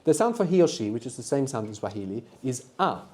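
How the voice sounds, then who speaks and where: A man's voice: mid-range voice, big pitch swings, fast, a little mellow. A man teaching a live language workshop to university students, patiently prompting them with questions and answers. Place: lecture room at a university.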